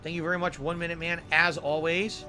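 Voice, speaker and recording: A man live-streaming a game speaks briskly in a slightly high, sharp voice with little pitch movement. Game music plays behind him as he mulls over gear choices and thanks viewers for tips.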